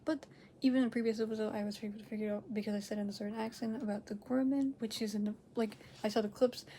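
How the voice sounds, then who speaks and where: A woman hosting a reaction video, chatting casually at home. She rambles, corrects herself and laughs often, swinging between loud excited bursts and quiet near-whispers. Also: mid-range voice, fast, a little hiss or hum. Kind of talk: casual chat to camera.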